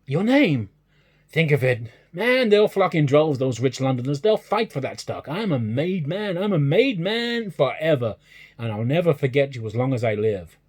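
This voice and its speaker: A man reading aloud and voicing an overjoyed young man who exults loudly and slowly. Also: a little high, sing-song. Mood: ecstatic. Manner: exultant, loud and drawn out. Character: young man, overjoyed new-made speculator.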